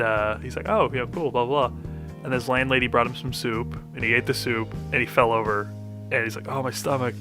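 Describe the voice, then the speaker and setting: A young man chatting on a podcast, retelling an anime plot in a rambling way full of fillers and laughs. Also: mid-range voice. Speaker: podcast co-host. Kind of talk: casual chat recapping an anime.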